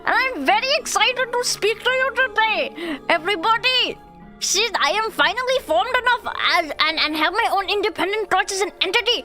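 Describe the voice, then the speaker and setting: A woman on a live stream voicing a male tulpa thought-spirit who shouts every line with excitement. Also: exaggerated voice. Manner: shrill, shouty, exclamatory. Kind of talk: live stream role-play.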